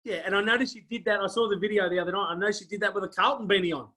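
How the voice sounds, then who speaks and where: A man's voice: high-pitched, fairly even intonation, racing. A man hosting an interview show, talking casually and heaping praise on his guest with lots of fillers. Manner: effusive, warm praise, many fillers.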